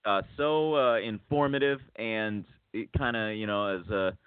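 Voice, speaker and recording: This podcast host has a lowish, smooth voice and an unhurried pace as he rambles through a long story, often restarting and acting out quotes. The audio is dry, tinny, and phone-like, with no echo.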